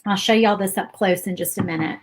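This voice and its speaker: A woman hosting a casual painting tutorial. She is chatty and rambles, thinking out loud with fillers and little asides. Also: medium pitch, fairly even intonation, brisk, rough recording. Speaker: craft channel host.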